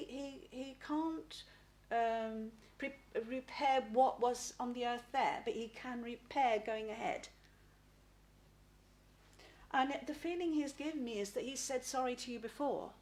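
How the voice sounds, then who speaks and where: A middle-aged woman giving a live spirit reading as a psychic medium. She talks haltingly, repeats words and often asks "please?". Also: sits high, a little mellow.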